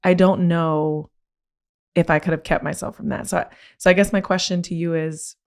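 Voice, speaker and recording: A woman hosting a podcast talks through a personal story with casual, slangy candor. Her voice sits on the low side. When she gets excited it climbs and speeds up. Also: moderate pace, vocal fry. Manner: animated, rising pitch when excited. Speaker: podcast host. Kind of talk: candid conversational storytelling.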